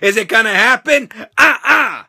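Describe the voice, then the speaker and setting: Excitable, profane male host, very bright and sharp, high voice. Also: normal speed, gravelly, slightly rough. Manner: excitable, profane, laughing often. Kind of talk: casual chat.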